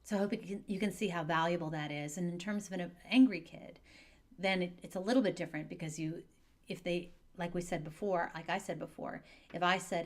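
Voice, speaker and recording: A woman with a slightly low voice talks parents through a hard moment with their children. She keeps her delivery calm, gentle and measured, and she sounds reassuring as she speaks directly to viewers in an advice video. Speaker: divorce and parenting coach.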